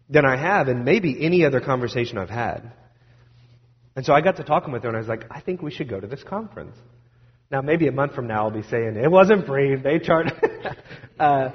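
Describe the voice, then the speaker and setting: A male pastor delivering a casual, story-driven sermon, mixing asides and quoted conversations. His voice is mid-pitched and carries a long reverb tail from a large church space. The recording sounds a bit dull and muffled.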